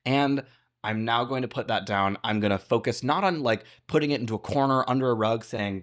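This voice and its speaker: A young adult man speaking as a podcast guest, earnest and upbeat, acting out quoted lines with animated shifts in voice. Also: mid-range voice, brisk. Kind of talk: casual podcast conversation.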